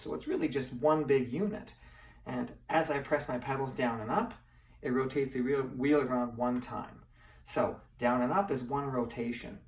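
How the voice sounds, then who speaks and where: In an echoey indoor room with bikes, a middle-aged man with a mid-range voice teaches a lesson using a bike demonstration. Heard from a distant mic, he's chatty and playful and quizzes his class.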